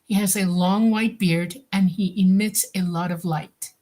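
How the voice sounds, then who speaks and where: A woman speaks under hypnosis, describing visions in slow, halting phrases. She pauses often and searches for her words. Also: medium pitch, fairly even intonation, a little mellow. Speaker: hypnosis client.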